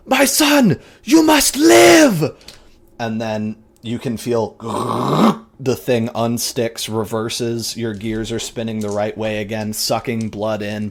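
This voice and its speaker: A man's voice: lowish voice, a little mellow. A man narrating as game master, casual and vivid, with frequent swearing and fillers.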